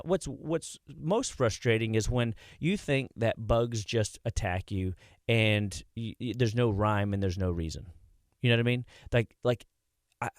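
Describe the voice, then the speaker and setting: Chatty man with a low voice. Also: no echo, studio quality. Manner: chatty, rambling anecdotes with many restarts. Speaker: health clinic practitioner, radio guest. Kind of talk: casual radio interview storytelling. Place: radio studio.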